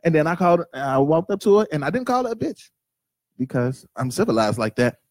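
A man's voice: a little high, sing-song, a little fast, darkish tone, dry recording. A young adult man in heated casual podcast chat, cursing emphatically and talking over the others. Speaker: podcast co-host.

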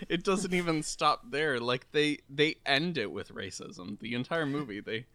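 A man's voice: mid-range voice, lively intonation, unhurried, very noisy. A man co-hosting a casual movie review chat, summarizing the plot with dry, wry humor. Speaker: podcast co-host.

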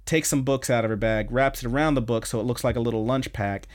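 A man's voice: mid-range voice, fast talker. A young man hosting a podcast, casually rambling through an anime episode recap and acting out the lines. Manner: rambling, animated retelling, acts out quotes. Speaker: podcast host.

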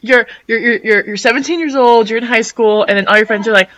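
A woman's voice: on the high side, fast, fairly bright tone, dry recording, low-quality recording. A teenage girl on a podcast, teasing her friend in casual chat. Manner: teasing, laughs often. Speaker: podcast guest.

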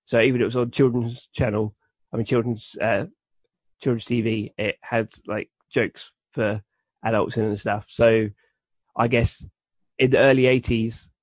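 In a dull, dry lo-fi recording with no room sound, a British podcast co-host casually and enthusiastically rambles through an explanation of a cartoon. His voice is medium-pitched and darkish, his delivery flat and a little slow.

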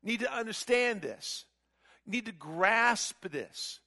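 A man's voice: high voice, expressive, normal speed, gravelly, bright, forceful tone, long reverb tail, heavily acted. A man voicing a male archangel messenger, speaking in an emphatic, insistent, conversational way.

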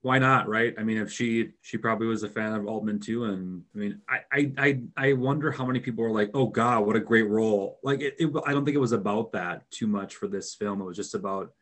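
A man's voice: fairly low pitch, brisk, hardly any pauses, fairly bright tone. A man from rural Minnesota with a Minnesotan accent, talking through a film in a casual podcast chat, rambling with many fillers and restarts. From Minnesota, rural area.

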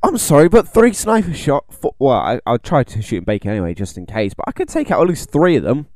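A man's voice: mid-range voice, sing-song, brisk, darkish tone, dry recording, clean studio sound. A man co-hosting a casual podcast chat, brash and argumentative and swearing a lot. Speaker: podcast co-host.

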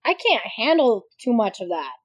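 A woman in casual chat who reacts with shocked swearing and talks in an unhurried way. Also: on the high side, sing-song.

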